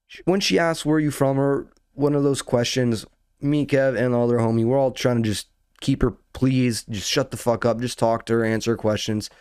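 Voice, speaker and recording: A young man rambles through a story with plenty of swearing and slang, his voice sitting at an ordinary middle pitch. He keeps circling back and getting worked up. The sound is dry and close, with no room around it. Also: fairly quick, smooth, no echo. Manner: profane, rambling, slangy, rising to animated outrage. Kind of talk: casual storytelling.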